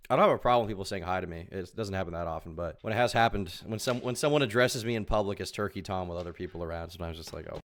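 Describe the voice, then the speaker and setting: A man's voice: low-pitched, rapid-fire, hardly any pauses. A young man commenting on a live stream, wry and rambling with sarcastic asides. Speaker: live streamer reacting to clips.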